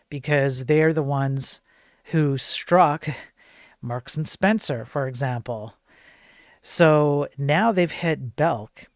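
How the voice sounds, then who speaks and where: A man's voice: a little high, no echo, clean studio sound. A man hosting a casual live-streamed tech news show, rambling and chatty with lots of fillers and jokey asides to his chat.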